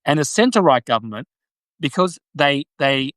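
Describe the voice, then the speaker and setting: On his livestream, this Australian host talks politics casually and chattily, tossing in frequent "right?" tags and restarts. He sounds a little high, very animated, and fairly bright at a normal speed, recorded roughly with no echo.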